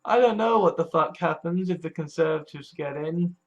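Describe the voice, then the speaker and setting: Brief: anxious vlogger, shaken and frightened, swears freely, stumbles and restarts mid-sentence, mid-pitched voice. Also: moderate pace, muffled recording. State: scared and distressed. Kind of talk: personal political vlog.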